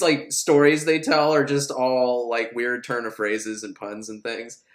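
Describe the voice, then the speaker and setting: A man's voice: medium pitch, steady tone, a little slow, hardly any pauses, reverberant, rough recording. A man giving a casual, joking film recap, rambling and swearing, with lots of "like". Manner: rambling, profane, joking, full of "like". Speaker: film reviewer.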